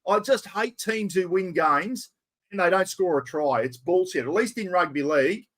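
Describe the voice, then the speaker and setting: Man, Australian accent, middle-aged, slightly high voice, casual live-stream host, blokey and chatty. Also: animated, normal speed, fairly bright tone. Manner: chatty and blokey, reads out viewer comments, swears casually.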